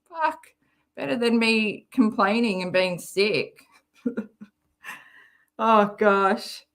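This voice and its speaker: Australian-accented woman, livestream host, unhurried delivery, casual chat, giggly rambling asides. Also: medium pitch, lively intonation, fairly bright tone.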